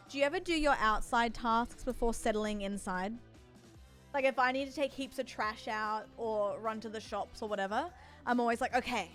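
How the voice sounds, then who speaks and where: Aussie girl yapping on stream, laughs a lot, bit of music playing quiet behind. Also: on the high side. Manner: rambling, chatty, laughs often. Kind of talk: casual chat with viewers. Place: home.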